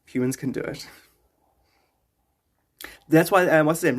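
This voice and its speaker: A man's voice: a little high, moderate pace, long pauses, husky. A man streaming live and chatting casually with his viewers, rambling, joking and greeting them by name. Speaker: livestreamer.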